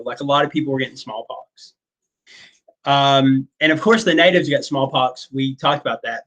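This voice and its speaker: A man's voice: medium pitch, a bit bright, rough recording. A man teaching a history class in a casual, joking way, with many fillers and asides. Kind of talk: classroom lecture.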